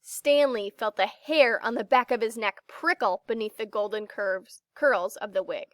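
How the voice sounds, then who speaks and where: A woman reading a children's book aloud, slow and expressive as she narrates. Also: on the high side, no room sound, studio quality.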